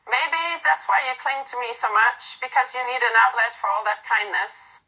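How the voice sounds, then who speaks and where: A woman voicing a fond, teasing young woman who gently comforts a friend. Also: a little high, moderate pace, slightly rough, exaggerated voice, rough recording. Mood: affectionate teasing.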